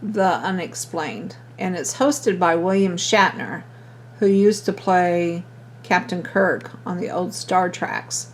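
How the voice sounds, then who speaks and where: A woman's voice: fairly low pitch, slow pace, a little hiss or hum, rough recording. An older woman from Missouri chatting casually to her camera at home, homely and friendly with her viewers. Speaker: vlogger. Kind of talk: casual vlog chat to camera. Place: home kitchen. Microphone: handheld camera.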